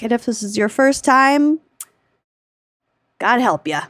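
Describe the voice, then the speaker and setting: Woman, podcast co-host, slightly high voice, dry studio sound, joking. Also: sing-song, slow, creaky, dry recording. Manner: joking, laughs often. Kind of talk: casual chat.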